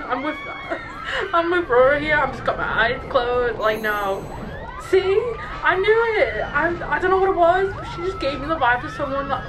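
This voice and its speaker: A young woman hosting a reaction video, chatting excitably, laughing often and using slang. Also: high-pitched, rough recording. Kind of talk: casual reaction commentary.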